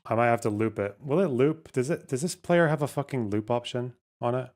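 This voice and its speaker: A man's voice: medium pitch, fairly quick, a little mellow. A man hosting a live stream, talking casually, reacting to chat, and swearing as he goes.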